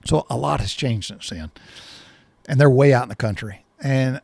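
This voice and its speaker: A man's voice: mid-range voice, moderate pace, vocal fry, a little mellow, dry recording. Folksy older man telling a story. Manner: folksy, rambling, repeats words. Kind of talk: personal storytelling.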